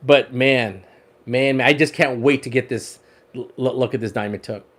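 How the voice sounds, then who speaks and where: A man's voice: medium pitch, moderate pace. A man hosting a fishing livestream in casual chat, showing off his rod wraps, often repeating words and laughing.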